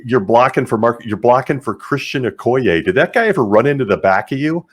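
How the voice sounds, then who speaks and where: A man's voice: mid-range voice, animated, a little fast, husky. A man hosting a casual interview, responding with enthusiasm and laughing along with his guest. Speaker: interview host.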